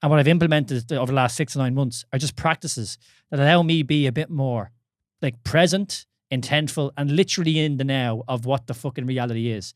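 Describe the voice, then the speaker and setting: A man's voice: medium pitch, brisk, dry recording, clean studio sound. A man in his thirties with an Irish accent, co-hosting a casual podcast, candid and swearing often with many restarts. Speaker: podcast co-host.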